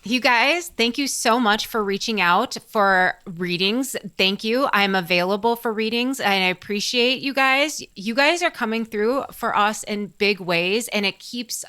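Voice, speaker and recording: Woman co-host, bright, crisp tone, warm and teasing, casual. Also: fairly high pitch, a little slow, hardly any pauses. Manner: warm, teasing, fond toward her sister. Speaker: podcast co-host and psychic reader. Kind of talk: casual podcast chat.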